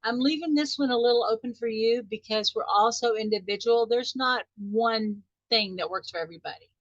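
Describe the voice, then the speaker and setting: A woman hosting a live online coaching session, talking warmly and straight to her listeners and stretching out musing questions, heard over dull call audio. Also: on the high side, fairly quick, no room sound. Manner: warm, encouraging, talks straight to listeners. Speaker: wealth mindset coach hosting a weekly group. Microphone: video call microphone.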